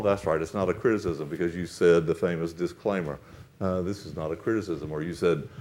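A man preaching a sermon to a congregation, reading Bible verses in a solemn old-fashioned cadence and explaining them, rising to loud emphatic peaks and dropping to quiet, low asides. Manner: reads scripture in solemn King James cadence. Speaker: pastor.

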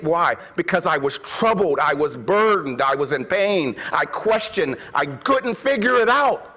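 A man preaching a sermon, reading scripture passionately and dropping his voice to a hush at times. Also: a little high, animated, in a large hall. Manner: impassioned, slows and drops to a hush when reading scripture.

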